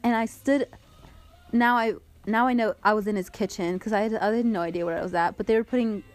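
A woman's voice: medium pitch, fast talker. A young woman telling a story in casual chat, laughing often and using lots of filler words and swearing.

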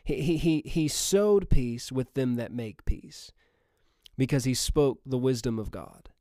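A man's voice: mid-range voice, measured pace, mellow, no room sound, clean studio sound. A man preaching a sermon emphatically, repeating phrases and calling out to his listeners.

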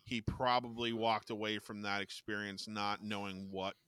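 Bright-voiced man telling animated stories. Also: fairly low pitch, moderate pace, smooth, no echo. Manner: animated anecdotes, mimics other people's voices; casual, swears freely. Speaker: podcast co-host. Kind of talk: casual chat, storytelling.

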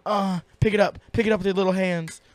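A man's voice: sits high, fairly even intonation, quick pace, background noise. A young man co-hosting a podcast, joking in a goofy, mock-solemn way in casual chat. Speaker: podcast co-host.

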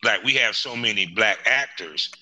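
Animated, bright-voiced cursing American man. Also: fairly low pitch, normal speed, rough recording. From United States. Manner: profane, laughing, animated storytelling. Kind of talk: casual chat.

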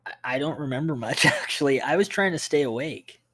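A man's voice: on the high side, expressive, a little fast, fairly bright tone. Laid-back chuckling man co-hosting a podcast. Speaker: podcast co-host. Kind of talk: casual chat.

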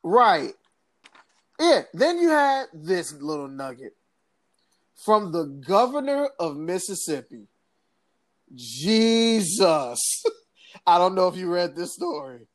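A woman co-hosting a casual political podcast, talking in an animated, sarcastic way, with laughs and mocking impressions. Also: fairly low pitch, unhurried. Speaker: podcast co-host.

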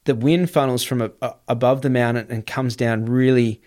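A man's voice: mid-range voice, steady tone, darkish tone. A man telling a wild story in casual chat, swearing often and running his sentences together. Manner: swears freely, quick run-on telling. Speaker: guest.

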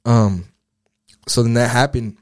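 A man's voice: mid-range voice, steady tone, unhurried. A young man telling a personal story in a casual podcast chat, rambling and profane, full of filler words. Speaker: guest.

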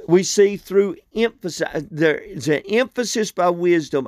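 Male preacher with a deliberate, unhurried pace and a dry sound; earnest and pleading, leans on repetition. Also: on the high side, expressive, a little mellow, no room sound. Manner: earnest, pleading, repeats phrases for emphasis. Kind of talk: expository sermon.

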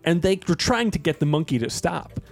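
An American man co-hosting a podcast, chatting casually about movies with rambling, deadpan jokes. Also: fairly high pitch, brisk, vocal fry, soft background music. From United States. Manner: joking, rambling, deadpan asides. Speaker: podcast co-host.

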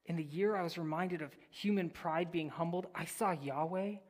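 A preacher reading scripture and teaching, swinging between loud declarations and near-whispered phrases, with casual asides to the listeners. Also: mid-range voice, normal speed. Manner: casual, addresses listeners as "guys". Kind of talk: sermon with Bible reading and teaching.

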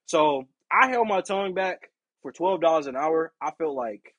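A man with a lively, swooping delivery, pitched a bit above the usual, tells a story on his podcast. His voice is husky and a little breathy, and he swears freely as he acts out who said what. The sound is dry and close. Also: moderate pace, no room sound, dull audio. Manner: animated, profane, acts out quoted exchanges. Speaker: podcast host. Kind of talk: casual storytelling monologue.

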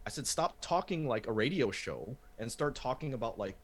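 Animated man chatting on a podcast. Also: medium pitch, normal speed, breathy edge. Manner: animated, swears, frequent restarts. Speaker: wrestling podcast host. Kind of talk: casual podcast chat.

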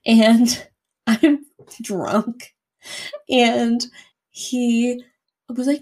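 A young woman co-hosting a podcast, telling a story in a casual, profane, animated way full of "like". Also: a little high, slow pace. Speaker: podcast co-host.

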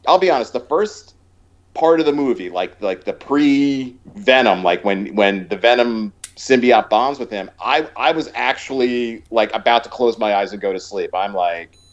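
A man's voice: mid-range voice, lively intonation, normal speed. A man chatting casually about a movie, rambling with lots of fillers and restarts. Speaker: podcast co-host. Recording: dull lo-fi sound.

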